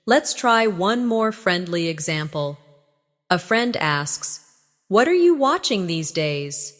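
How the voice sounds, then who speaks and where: Female lesson host, steady instructive read, unhurried, set in a long reverberant space. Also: on the low side, faint music behind. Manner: measured, instructive, models phrases for repetition. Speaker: English teacher. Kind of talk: scripted language lesson.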